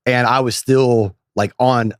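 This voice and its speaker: A man's voice: medium pitch, fairly even intonation, a little slow, clear, resonant tone, no echo, studio quality. A man co-hosting a comedy podcast in easygoing casual chat, laughing along with his partner. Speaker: podcast co-host.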